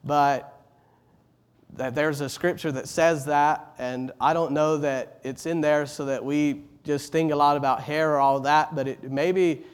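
A middle-aged man preaching a sermon, earnest, repeating words as he builds, rising loud on exalted phrases and dropping soft on tender ones. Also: fairly high pitch, fairly even intonation, measured pace, smooth.

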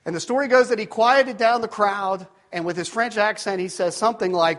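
A man in his fifties preaches with a higher-pitched voice. He tells a story with self-deprecating asides, swinging between shouted peaks and hushed, nearly whispered moments. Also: brisk, hardly any pauses. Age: 50s. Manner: animated storytelling, rising to shouts at peaks, dropping to near-whispers. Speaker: pastor. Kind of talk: sermon.

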